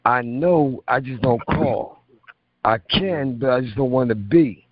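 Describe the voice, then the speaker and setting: A man's voice: mid-range voice, a little slow, a crowd in the background. A man hosting a call-in radio show, talking in a rambling, emphatic, slangy way. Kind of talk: casual call-in radio chat. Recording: muffled internet radio stream.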